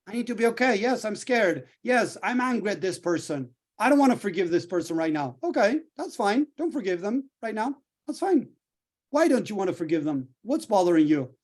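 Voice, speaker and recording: A middle-aged man coaching a group in a lively way, acting out little dialogues as he explains. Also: high-pitched, fairly quick. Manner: animated, acts out little dialogues. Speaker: healing coach.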